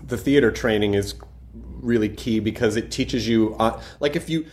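A man's voice: on the low side, moderate pace, a little mellow. A man hosting an interview podcast, chatting casually with a guest, friendly and joking. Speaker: podcast host.

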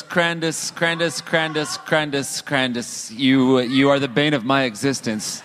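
A man co-hosting a live comedy advice podcast on stage, teasing his partner and shouting jokes to the crowd. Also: mid-range voice, unhurried, hardly any pauses, big-room sound, noisy background. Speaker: podcast co-host. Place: stage before a large live audience.

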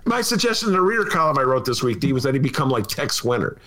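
A man, co-hosting a casual political talk show, animated and quick to laugh. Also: medium pitch. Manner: animated, laughing, mimics people mid-story. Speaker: co-host, columnist.

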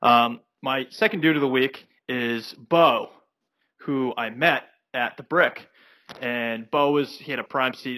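A man's voice: mid-range voice, pushed and bright, dry recording. A young man co-hosting a podcast, telling a rambling anecdote full of fillers in casual chat. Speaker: podcast co-host.

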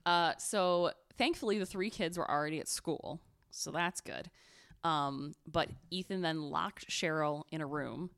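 A young woman with a low, deep voice chats casually as a podcast co-host. She rambles through a story with plenty of fillers and little giggles. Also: a little slow, creaky, a bit bright, clean tone.

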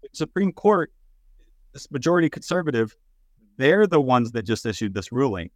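A man's voice: medium pitch, very animated, dry recording, clean studio sound. A man from North Texas, a guest on a podcast, talking casually and evenly about politics with a few hesitations. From North Texas, USA. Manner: conversational, measured, some hesitations. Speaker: podcast guest, concerned parent.

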